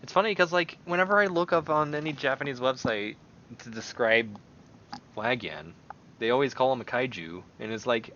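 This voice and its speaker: Man, American accent, casual streamer commentary, rambling, excitable, bright voice, slightly dull recording. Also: medium pitch, slight background noise. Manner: excitable and rambling, swings from mumbling to loud outbursts with laughs. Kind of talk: casual commentary while browsing online.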